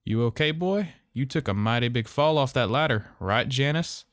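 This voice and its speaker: A man voicing a violent rural father with a Southern accent, speaking in a slow, threatening drawl. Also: on the low side, no room sound, clean studio sound, natural voice. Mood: falsely caring. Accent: American Southern. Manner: slow, calm, threatening drawl that breaks into shouting. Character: menacing, violent rural father, quietly furious.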